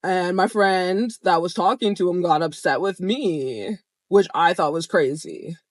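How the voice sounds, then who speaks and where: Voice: mid-range voice, a little slow, dry recording. Candid young adult vlogger, dry sound. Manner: candid, swears freely, laughs while retelling. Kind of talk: casual storytelling vlog.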